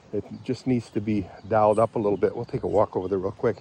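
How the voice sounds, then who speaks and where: An older man from Michigan rambling in a casual vlog while walking around his property outdoors, often clearing his throat and drifting into asides. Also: lowish voice, a little fast, a little mellow, a little hiss or hum. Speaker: vlogger.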